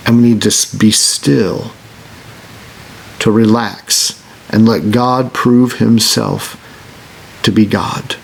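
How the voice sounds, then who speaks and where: A man preaching a sermon as pastor, earnest, restarting phrases and slowing down on scripture. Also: on the low side, fairly even intonation, vocal fry, slight background noise. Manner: earnest, repeats words when starting a phrase.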